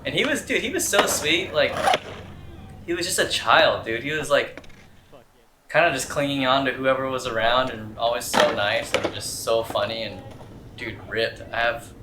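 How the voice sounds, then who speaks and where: A man's voice: medium pitch, normal speed, roomy sound, background noise. A young man answering fan questions in a casual, rambling chat, full of slang and fillers. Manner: laid-back, rambling, slangy with lots of "dude" and "like".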